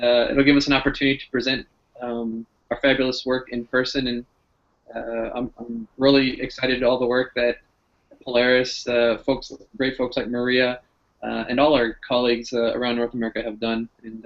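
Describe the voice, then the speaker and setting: A man's voice: mid-range voice, flat delivery, fairly quick. A man, a physician guest, chatting in an upbeat way on a video call and showing items as he talks. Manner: upbeat, shows items while talking. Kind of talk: casual video-call chat. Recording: dull lo-fi call audio.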